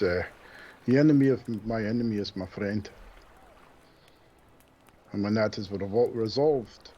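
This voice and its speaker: A man at a tabletop game, laying out his character's plans in a blunt, matter-of-fact way. His voice sits fairly low, with a faint hum of room ambience. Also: muffled recording. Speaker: player. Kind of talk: casual tabletop gameplay talk.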